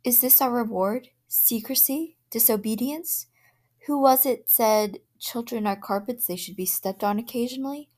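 A woman's voice: a little high, moderate pace, a little mellow, voice pushed up, lightly acted. A woman reading a worried, stern father. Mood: uneasy. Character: anxious middle-aged father, stern and uneasy. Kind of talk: storybook reading.

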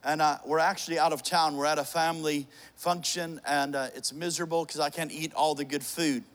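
A man's voice: a little high, steady tone, a little fast, fairly bright tone. A middle-aged man preaching a sermon, telling a funny personal story with jokes and many restarts. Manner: joking, storytelling, frequent restarts.

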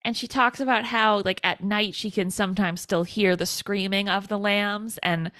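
A woman's voice: medium pitch, fairly even intonation, normal speed, a bit bright, no room sound. A woman co-hosting a podcast, chatting casually as she retells a film scene by scene with lots of "like" and quoted lines. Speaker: podcast co-host. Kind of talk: casual movie recap chat.

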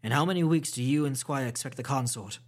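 A man voicing a gruff, stubborn old sea captain in an audiobook reading, talking in a blunt, clipped seafaring way. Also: mid-range voice, fast, natural voice. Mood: steady, blunt.

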